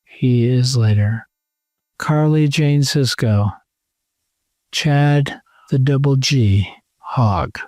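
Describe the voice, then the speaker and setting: A man's voice: mid-range voice, extremely slow, long pauses, a little mellow, dry recording, clean studio sound. A man co-hosting a casual podcast, joking around and reading out a list of supporter names with playful asides. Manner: jokey, reads name lists with playful asides. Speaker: podcast co-host.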